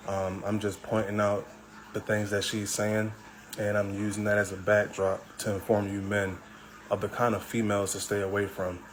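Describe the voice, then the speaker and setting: A man's voice: fairly low pitch, slight background noise, low-quality recording. Blunt, lecturing male podcast host. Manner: blunt, lecturing, addresses men directly. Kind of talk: opinionated commentary monologue.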